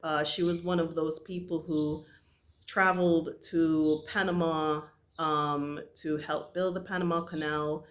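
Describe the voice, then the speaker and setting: A middle-aged woman from Jamaica telling a personal family story in an earnest, halting way with many pauses. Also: low voice, flat delivery. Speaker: vlogger.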